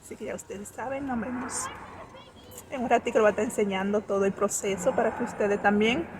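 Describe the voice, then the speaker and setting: A woman's voice: medium pitch, steady tone, racing, background noise. A woman chatting casually to her viewers while on an outing. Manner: chatty, upbeat sign-offs to viewers. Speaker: vlogger. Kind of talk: casual vlog chat to viewers.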